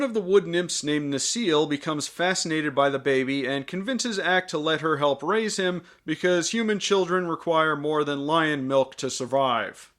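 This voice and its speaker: A man's voice: fairly high pitch, normal speed, few pauses, fairly bright tone. A man hosting a scripted film review with sarcastic, jokey asides.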